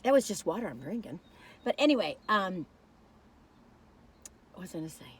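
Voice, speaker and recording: A woman's voice: lowish voice, sing-song, moderate pace, slightly rough. Rambling, chatty woman food reviewer. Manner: rambling, chatty storytelling, often losing her thread. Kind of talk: casual vlog chat while tasting food.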